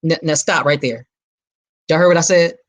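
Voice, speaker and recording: A woman's voice: low voice, normal speed. A woman in her forties hosting a podcast, talking in an emphatic, preacher-like way and repeating her key phrases. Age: 40s. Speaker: podcast host. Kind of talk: personal reflective podcast talk.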